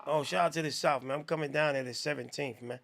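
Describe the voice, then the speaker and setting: A man hosting a live music review stream, talking in a slangy, profane, rambling way and giving shout-outs to viewers. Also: a little high, steady tone, fast, creaky. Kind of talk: casual live-stream commentary.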